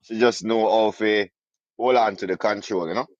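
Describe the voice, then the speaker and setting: A man's voice: on the low side, steady tone, moderate pace, dry recording, dull audio. A man co-hosting a podcast, teasing and playful. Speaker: podcast co-host.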